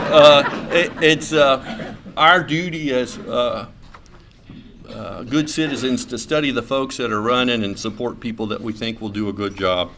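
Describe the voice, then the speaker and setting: A man's voice: medium pitch, unhurried, background noise. Folksy man giving a club speech. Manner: folksy, hesitant with many fillers and restarts, joking. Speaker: state senator giving a speech. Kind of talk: after-lunch club speech. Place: club meeting room.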